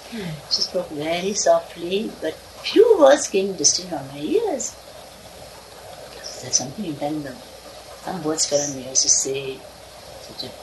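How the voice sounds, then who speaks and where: Woman rambling through an old childhood memory, laughs a lot, voice jumps up and down, far off mic with noise behind. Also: on the low side. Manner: meandering, animated, laughs between lines. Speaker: storyteller recalling her childhood. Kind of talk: casual spoken reminiscence. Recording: distant mic with clear background noise.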